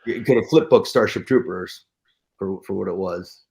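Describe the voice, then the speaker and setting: Male actor guest, kinda low voice, gets super excited mid-story, lots of restarts. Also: moderate pace, creaky. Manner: excitable, with many restarts and acted-out quotes. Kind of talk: storytelling interview chat.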